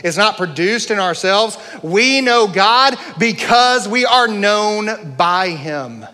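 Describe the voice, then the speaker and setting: A man's voice: sits high, animated, slow, bright, forceful tone, long reverb tail. A male pastor preaching a sermon, earnest, building through rising rhetorical questions.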